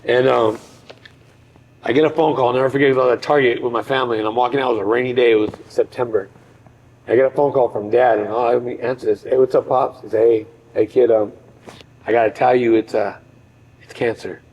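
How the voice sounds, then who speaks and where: Gravelly middle-aged man, earnest storytelling. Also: mid-range voice, steady tone, fast talker, darkish tone, highs cut off. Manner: earnest, heartfelt, reflective. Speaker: podcast guest, former boxer. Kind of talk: personal storytelling in conversation.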